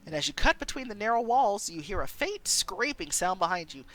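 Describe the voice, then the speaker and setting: Expressive woman streamer reading a story game. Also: mid-range voice, a little fast. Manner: expressive reading with wry asides.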